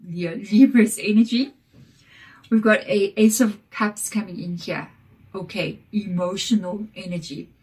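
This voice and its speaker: Woman, tarot reader, croaky, husky, reassuring, direct, casual. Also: medium pitch. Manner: reassuring and direct, checking in with "okay?". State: croaky from a chesty cold. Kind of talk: casual tarot reading to camera.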